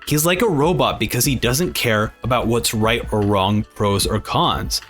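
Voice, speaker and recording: A young man giving excited reaction commentary on an anime and reading lines aloud in playful voices. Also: medium pitch, normal speed, faint music behind. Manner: animated, reads lines aloud in silly voices.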